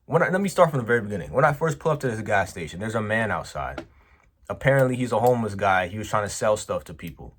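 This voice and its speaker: A man's voice: lowish voice, fast talker, slight background noise. A man, a business owner, telling a personal story in a casual, emphatic vlog monologue, full of slang. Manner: animated, emphatic, slangy, says "bro".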